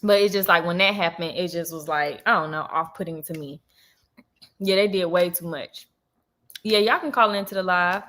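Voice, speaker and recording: A woman in her twenties hosting a livestream, telling a personal story in a casual, animated way, full of slang and asides to her viewers. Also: fairly low pitch, moderate pace. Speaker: livestream host.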